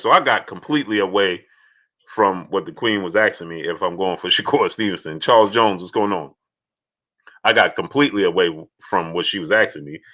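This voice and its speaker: A man hosting a casual live stream, halting with many fillers and pauses as he reads viewer messages. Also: fairly low pitch. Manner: halting, many fillers, bursts of excited yelling at a game. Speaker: live stream host reading super chats.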